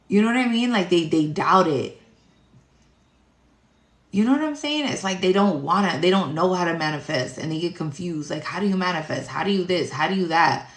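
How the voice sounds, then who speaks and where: A woman with a deep, low voice holds forth as a tarot reader, rambling through a spiritual monologue. She talks bluntly, swears a lot and leans on fillers. Her voice bounces around an echoey room. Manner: blunt, heavy cursing, rambling with many fillers.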